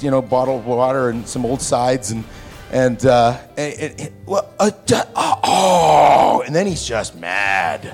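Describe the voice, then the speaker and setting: Brief: lively male storyteller onstage, acting out all the voices, with a faint music bed. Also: medium pitch. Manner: animated, acts out the voices of others. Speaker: actor telling a set anecdote. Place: stage before an audience in a hall.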